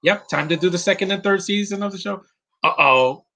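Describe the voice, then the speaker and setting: A man in his thirties, near tears, giving an earnest and halting live commentary as host of his own stream. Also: high voice, fairly even intonation, creaky, heavy background noise. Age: 30s.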